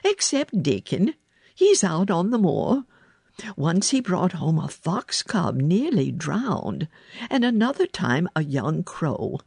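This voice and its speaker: A woman reading aloud and voicing a cheerful young housemaid who talks briskly and matter-of-factly. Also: fairly low pitch, big pitch swings, vocal fry, a little mellow, breathy edge, no echo, clean studio sound, heavily acted. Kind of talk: storybook reading.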